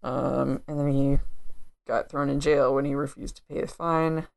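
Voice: mid-range voice, fairly even intonation, moderate pace, gravelly. Playful, easy-laughing podcast co-host. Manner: playful, laughs easily, explains at length. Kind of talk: casual chat.

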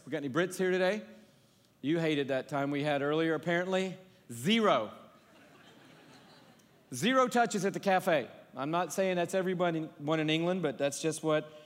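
A man's voice: a little high, lively intonation, normal speed, pauses often. A male pastor preaching a sermon in a large church, conversational and humorous, acting out little scenes. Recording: long reverb of a large hall.

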